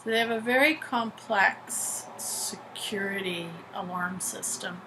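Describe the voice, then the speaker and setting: A woman's voice: mid-range voice, slow pace, background noise. A woman co-hosting a podcast, musing thoughtfully and agreeably about TV episodes. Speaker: podcast co-host. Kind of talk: casual recap chat.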